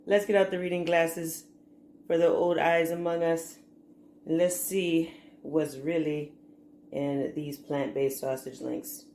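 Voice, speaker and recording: A woman's voice: sits low, steady tone, slow, mellow, slight background noise. A woman hosting a casual food label review in her kitchen, chatty with jokey asides. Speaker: fitness and nutrition channel host. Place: home kitchen.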